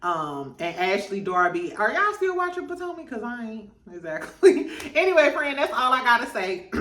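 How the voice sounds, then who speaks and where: A woman's voice: a little high, very animated, normal speed, a bit bright, reverberant, far from the mic. A woman hosting a casual reality TV recap, laughing a lot and acting out the cast members' lines in voices.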